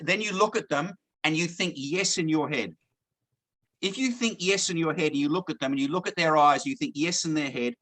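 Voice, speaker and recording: A man's voice: a little high, sharp tone. A man giving a sales training talk to a team, often stopping to check in with "okay?" and repeating words as he goes. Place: lives in Thailand, now in Australia.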